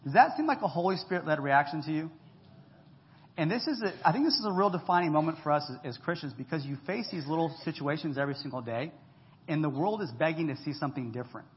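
Joking pastor preaching in an echoey hall. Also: male voice, a little high, fast, a little hiss or hum. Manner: lively, joking, talks straight to the congregation. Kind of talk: conversational sermon. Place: church hall. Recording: echoey hall, dull lo-fi sound.

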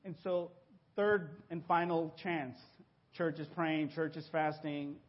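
A man from Mexico giving a personal testimony to his congregation, telling his story with animated exclamations and acted-out voices. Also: a little high, slow pace, dull audio. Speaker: church member giving a testimony.

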